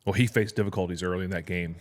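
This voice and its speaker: A man's voice: low-pitched, fairly even intonation, racing. A man in his thirties hosting a casual podcast chat, talking earnestly with frequent restarts and fillers. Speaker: podcast host.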